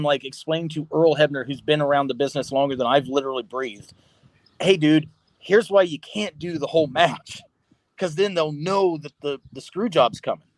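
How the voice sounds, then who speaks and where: A man in a podcast studio tells a story with lots of laughter and freely swears. His voice sits a bit high, and the sound is close and dry. He talks casually, like he is chatting with friends. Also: no echo. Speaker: podcast guest, pro wrestler.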